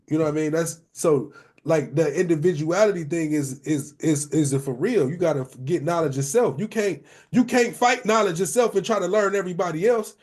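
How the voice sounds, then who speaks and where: A man in a casual group discussion, talking in a relaxed way and often saying "you know what I'm saying". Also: high voice. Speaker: discussion participant.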